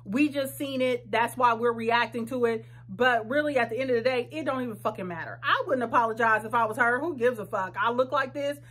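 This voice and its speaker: High-voiced sassy woman vlogger. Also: fairly bright tone, husky. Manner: blunt, sassy and profane; fast, talkative asides. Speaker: vlogger reacting to a reality show. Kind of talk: casual reaction vlog.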